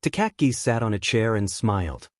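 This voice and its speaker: A man narrating a fan fiction story in an even, plain reading style. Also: lowish voice, moderate pace, no room sound, clean studio sound. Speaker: fanfic narrator. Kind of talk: scripted narration.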